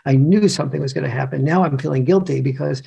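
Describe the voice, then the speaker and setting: A worried mother frets and second-guesses herself in a quick, anxious inner monologue, as a man plays her. Her voice is gravelly and husky, with a rough fry underneath. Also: fairly high pitch, dark tone, lo-fi sound, full character voice.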